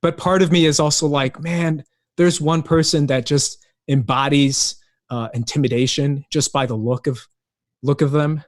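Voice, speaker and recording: Chatty upbeat guy, kinda high voice, laughs a lot while he talks. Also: fairly even intonation, moderate pace. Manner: upbeat, laughs often, sports references. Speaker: co-host. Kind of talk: casual chat.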